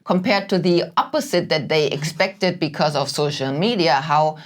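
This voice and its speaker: A woman hosting a casual chat, speaking in a measured way with hesitant fillers. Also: low-pitched, lively intonation. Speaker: host.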